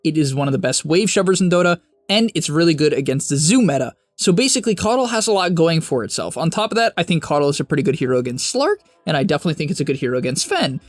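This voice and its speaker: A young man hosting a game strategy guide, talking fast and emphatically with sudden high-pitched bursts, on a close mic. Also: big pitch swings, no echo. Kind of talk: energetic strategy guide narration.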